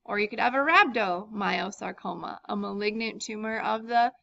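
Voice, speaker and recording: Woman lecturer, bright gravelly voice, relaxed explainer, dull dry lo-fi recording. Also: mid-range voice, normal speed, no room sound. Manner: casual, frequent ums, explains step by step. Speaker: teacher.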